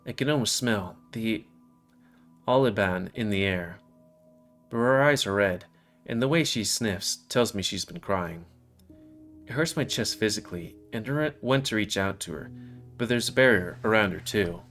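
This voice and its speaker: A man's voice: fairly low pitch, lively intonation, moderate pace, fairly bright tone, soft background music. A man reading a visual novel aloud in the first person, with offhand asides to viewers. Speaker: let's player.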